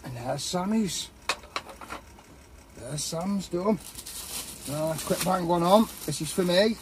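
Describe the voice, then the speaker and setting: Slow, chatty man. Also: high-pitched, animated, darkish tone, a little hiss or hum. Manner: chatty, matey, rambling. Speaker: vlogger. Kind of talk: casual chat while cooking. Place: campsite, outdoors.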